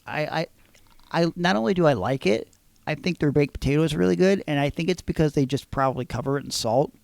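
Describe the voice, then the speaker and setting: A man hosting a podcast, telling stories in a casual, animated, profane way. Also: fairly high pitch, fast, creaky, dry recording. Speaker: podcast host. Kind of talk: casual chat.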